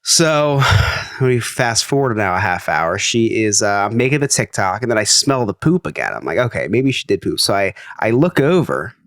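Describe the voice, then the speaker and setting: A man's voice: lowish voice, moderate pace, no echo, clean studio sound. A congested young man co-hosting a podcast, telling a funny story and laughing as he goes. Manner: animated storyteller, laughs through his own story. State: a little congested. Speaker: podcast co-host. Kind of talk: casual storytelling chat.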